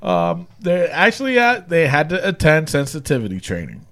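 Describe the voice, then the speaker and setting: A man co-hosting a casual podcast, talking with lively ups and downs in pitch. His voice has a gravelly edge and sits a little high for a man. He fills his talk with "uh" and "so anyway" and breaks into laughs. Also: moderate pace. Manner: animated, laughs often, lots of fillers. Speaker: podcast co-host. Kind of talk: casual chat recapping wrestling.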